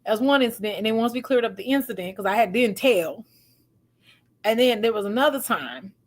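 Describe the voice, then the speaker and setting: A woman's voice: a little high, a little fast. A woman hosting a relationship advice talk, telling stories casually and acting out what people said, often laughing. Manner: animated, acts out quoted voices, laughs often. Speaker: host giving relationship advice.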